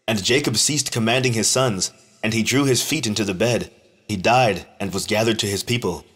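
Man reading scripture slowly and solemnly. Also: fairly low pitch, fairly bright tone, husky. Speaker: scripture reader.

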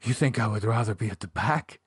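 A man voicing a calm, practical woman nurse who speaks politely and persuasively. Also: lowish voice, fairly quick, slightly rough, no room sound, studio quality.

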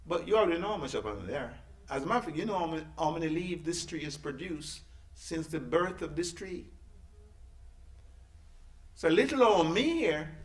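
Man, preacher, sermon, lively folksy delivery, bright tone, roomy church echo. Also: medium pitch. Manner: lively, folksy preaching with sudden loud peaks and hushed asides. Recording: echoey church room.

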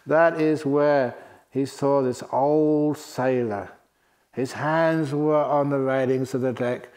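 A man who is a Buddhist monk, telling stories in a dharma talk at a retreat centre, laughing often between lines. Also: mid-range voice. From England. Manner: laughing often, lively storytelling with voiced quotes.

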